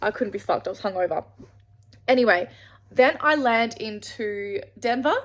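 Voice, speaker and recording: A woman's voice: mid-range voice, expressive, moderate pace. An Australian woman vlogging to camera, telling a rambling travel story and swearing freely along the way. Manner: rambling, swears freely, restarts mid-sentence.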